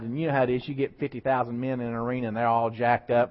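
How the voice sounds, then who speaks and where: A man's voice: medium pitch, very fast, few pauses. Male pastor preaching. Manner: animated preaching with rising emphasis and asides to the congregation. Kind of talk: sermon. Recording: slightly dull lo-fi church recording.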